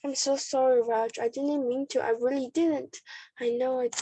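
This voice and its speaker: A woman's voice: high voice, fairly even intonation, moderate pace, slight background noise, natural voice. A woman reading as a sad hungry schoolgirl. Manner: quiet, sad and apologetic.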